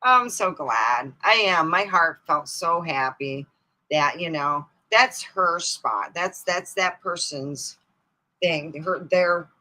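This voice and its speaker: A woman host telling funny family stories on a live stream, animated, often laughing and jumping into high excited squeals. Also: slow pace, poor audio. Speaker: comedic storyteller hosting a live stream. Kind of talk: casual stand-up style family storytelling. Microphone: streaming mic.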